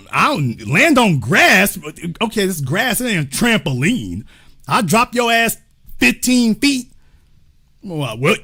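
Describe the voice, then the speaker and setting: A man hosting a show, giving casual, joking commentary on a video and talking straight to his viewers. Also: high-pitched. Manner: animated, joking, talks to viewers as y'all. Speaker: host.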